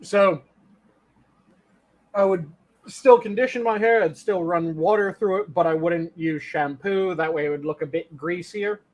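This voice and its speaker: High-voiced man, emphatic and profane. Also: a little slow, a little mellow. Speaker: podcast co-host and stage actor. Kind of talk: casual online chat.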